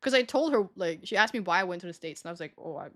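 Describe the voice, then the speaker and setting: A woman's voice: medium pitch, lively intonation, racing, fairly bright tone. A young woman streaming, chatting casually to her viewers, self-mocking and laughing often as she acts out conversations.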